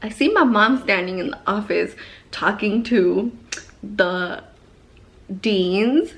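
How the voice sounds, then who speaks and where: A woman's voice: medium pitch, takes it slowly. Young woman telling a wild story. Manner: animated, swears a lot, rambling asides. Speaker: vlogger. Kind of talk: casual story time.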